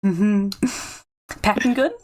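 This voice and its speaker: Woman art streamer, playful and giggly, slow easy delivery. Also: medium pitch. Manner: giggly and playful, mumbles to herself. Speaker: streamer drawing live. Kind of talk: casual chat while drawing.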